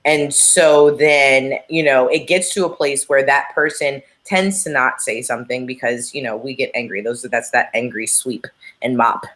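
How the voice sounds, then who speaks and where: A woman co-hosting a podcast, talking casually and drawing out her stories in a relaxed way. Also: very deep voice, normal speed. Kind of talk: casual chat.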